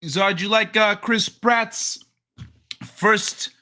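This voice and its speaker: A man's voice: high-pitched, fairly even intonation, slow pace, bright, forceful tone. A man hosting a casual livestream, rambling and joking as he greets viewers by name. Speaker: livestream host.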